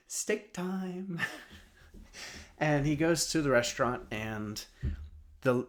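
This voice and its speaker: A man in his thirties giving a casual spoken recap of a TV episode, rambling with lots of fillers and restarts. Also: medium pitch. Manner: rambling, many fillers and restarts, chuckles often. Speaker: film and TV reviewer.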